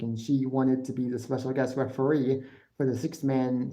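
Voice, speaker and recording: Man with a very dark, mellow voice. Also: mid-range voice, rough recording. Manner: rambling, restarts and repeats words, breaks off to answer chat. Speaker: podcast host. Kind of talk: casual live-stream wrestling recap.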